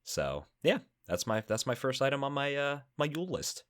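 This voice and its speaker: A man co-hosting a podcast, chatting in character and reacting quickly. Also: medium pitch. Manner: lively, quick to react and laugh. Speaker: podcast co-host. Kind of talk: in-character casual chat.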